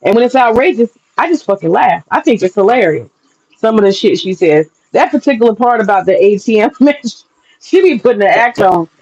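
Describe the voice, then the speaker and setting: A woman's voice: a little high, lively intonation, brisk, darkish tone, breathy edge. Frank, laughing woman vlogger, lo-fi. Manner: frank, profane, laughs often. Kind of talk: casual opinion monologue.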